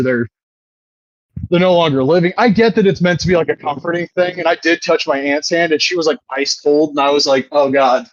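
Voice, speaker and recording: A man's voice: on the high side, dry recording, lo-fi sound. A man in his thirties co-hosting a podcast, chatting casually, rambling and swearing, often laughing. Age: 30s. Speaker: podcast co-host. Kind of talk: casual chat.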